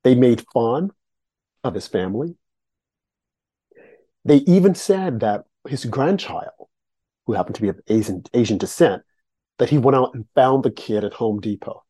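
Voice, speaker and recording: Male talk host, emphatic questioning monologue, mellow and breathy tone. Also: mid-range voice, lively intonation, normal speed, long pauses. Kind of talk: political commentary monologue.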